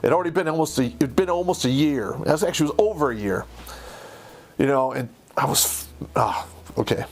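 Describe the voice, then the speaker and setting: A man, an army veteran, telling a story of his own service in a heated, profane, animated way. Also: medium pitch, fairly quick. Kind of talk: casual storytelling.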